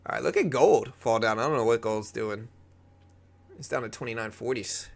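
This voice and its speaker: A day-trading livestream host from near New Orleans, with a faint Louisiana accent, chats in a relaxed way, thinking aloud and answering the chat. His mid-range voice has vocal fry and a normal speed.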